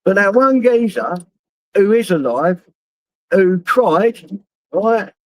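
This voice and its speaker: Middle-aged man, London accent, rambling and sweary, fairly high voice, dry phone sound. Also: animated, slow, dry recording, poor audio. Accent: London English. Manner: rambling, heavy swearing, laughs at own stories. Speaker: live streamer. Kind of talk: casual live-stream chat while driving.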